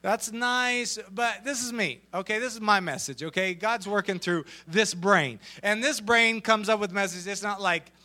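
A man preaching an energetic sermon as pastor, joking and acting out little voices as he goes. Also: high voice, normal speed, few pauses. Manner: animated and joking, acts out voices.

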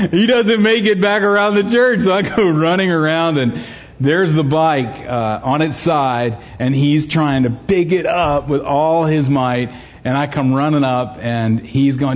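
A man's voice: fairly high pitch, a little slow, dull audio. A middle-aged man, a pastor, preaching a sermon and telling a personal story, conversational and joking with the congregation.

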